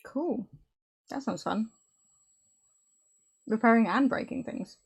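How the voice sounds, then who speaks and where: A woman game developer talking casually on a live stream while she codes at her desk. She thinks aloud, halting and restarting often. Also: a little high, husky. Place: home desk.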